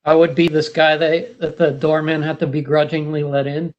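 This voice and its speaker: A man's voice: fairly high pitch, monotone, normal speed. A man on a show crew, talking hesitantly and poking fun at himself. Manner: hesitant, self-deprecating. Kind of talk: casual chat. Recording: dull remote line.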